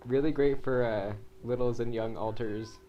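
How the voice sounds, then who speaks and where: Rambling, relaxed man co-host. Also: medium pitch, moderate pace, dull audio. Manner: relaxed, rambling, uses "like" and "uh" a lot. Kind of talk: casual chat. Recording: faint background noise.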